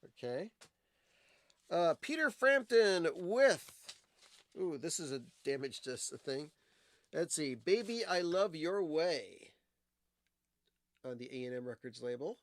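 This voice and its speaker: A man's voice: a little high, big pitch swings, takes it slowly, pauses often. A man hosting a livestream, chatting casually and at length about old singles and their flip sides, wandering off into stories. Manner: rambling, digressive storyteller with fillers. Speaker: livestream host. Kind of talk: casual music talk, showing old records.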